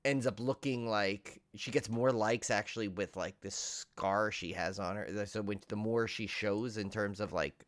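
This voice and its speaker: Podcast co-host, male, lower voice, halting and filler-heavy delivery, dry sound. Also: steady tone, no echo. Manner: rambling, halting, heavy use of "like". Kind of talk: casual film review chat.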